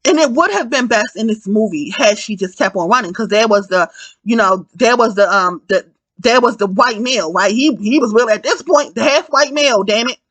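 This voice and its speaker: A woman giving a casual spoken film review, animated and profane, often repeating herself and correcting her words. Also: on the high side, brisk, no echo.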